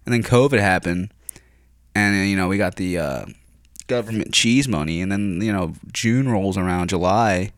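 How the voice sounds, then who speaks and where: Young Philly guy, lowish voice, dry close sound, swears and rambles through a casual story. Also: normal speed, no echo. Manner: rambling, profane, filler-heavy, frequent throat clearing.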